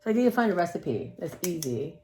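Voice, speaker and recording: A woman's voice: fairly low pitch, sing-song, quick pace, darkish tone, a little hiss or hum. A woman, rambling chattily to her viewers in a casual art vlog. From United States. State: sore throat. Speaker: vlogger.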